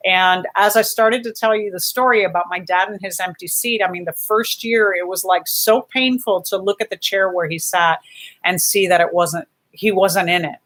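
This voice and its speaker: A woman's voice: lowish voice, fairly even intonation, moderate pace. Encouraging woman hosting a live stream. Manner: reads viewer comments, gently encouraging. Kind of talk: casual live-stream talk.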